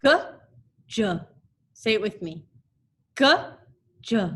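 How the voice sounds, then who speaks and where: A woman teaching a recorded phonics lesson to second graders, repeating letter sounds slowly so the children can echo her, with frequent encouraging check-ins. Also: mid-range voice, lively intonation, a bit bright, husky. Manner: encouraging, checks in often with "okay?".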